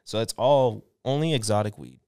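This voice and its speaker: A man's voice: on the low side, normal speed, a little mellow, clean tone, no room sound, studio quality. A man in his twenties chatting casually on a podcast, telling stories in laid-back slang. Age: 20s. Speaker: guest, clothing and smoking brand founder.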